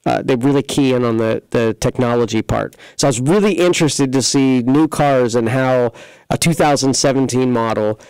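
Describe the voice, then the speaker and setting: A man's voice: mid-range voice, normal speed, darkish tone, smooth, no echo, low-quality recording. A man hosting a local computer repair talk segment, chatting in a rambling, folksy way full of fillers and restarts. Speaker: computer repair shop host. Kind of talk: casual local radio-style talk show. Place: studio.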